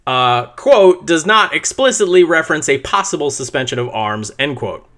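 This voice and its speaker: Animated, bright-voiced male podcast host. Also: fairly high pitch, normal speed. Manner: animated storytelling, swears freely, many restarts. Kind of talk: casual solo podcast monologue.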